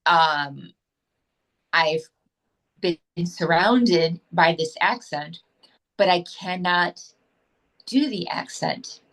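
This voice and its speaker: A woman from the United States talks through an interview in a fairly low voice, candid and rambling, with plenty of fillers and restarts. She sounds like she's on a video call. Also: drawn-out words, pauses often, fairly bright tone, low-quality recording. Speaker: actress, interview guest. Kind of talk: casual interview chat.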